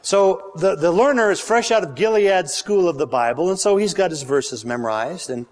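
A man preaching in a high, bright voice that swings widely as he leads the congregation through scripture. He reads the verses with rising emphasis and prompts the listeners to say the words back with him. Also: expressive, normal speed, slight background noise. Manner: emphatic, calls for congregation responses. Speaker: pastor. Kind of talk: sermon.

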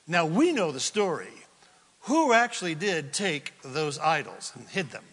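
A male pastor giving a sermon, telling a story with animated delivery and questions to the congregation. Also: on the high side, unhurried, long reverb tail. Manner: animated storytelling, acts out quotes, asks the crowd questions.

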